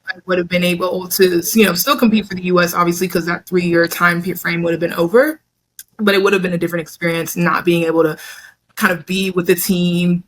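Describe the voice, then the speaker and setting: Chatty young woman telling stories. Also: fairly low pitch. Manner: chatty, animated storytelling with voiced quotes. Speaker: interview guest, Olympic hammer thrower. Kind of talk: casual podcast interview.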